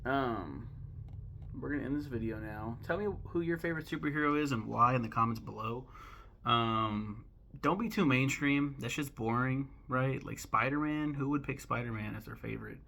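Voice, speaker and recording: A man's voice: medium pitch, normal speed, vocal fry, pushed and bright. A young man rambling casually to camera as a vlogger, joking and swearing in an offhand way.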